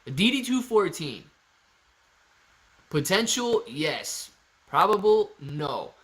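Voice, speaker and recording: A man's voice: fairly high pitch, sing-song, takes it slowly, a bit bright. A man hosting a casual live stream about stocks, reading viewer messages and answering them in an upbeat, chatty way. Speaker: livestream host answering viewer chat. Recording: home livestream setup.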